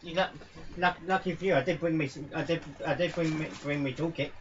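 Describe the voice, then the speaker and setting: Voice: mid-range voice, steady tone, fast talker, highs cut off, slight background noise, natural voice. A player voicing a handy stallion pony mechanic in a pony tabletop game, casual and folksy, often stammering and repeating words.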